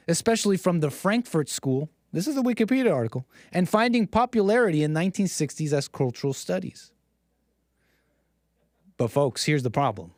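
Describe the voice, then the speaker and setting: Brief: male streamer, sarcastic and rambling, slightly high voice, dry close sound. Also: no room sound. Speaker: stream host. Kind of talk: live-stream commentary monologue.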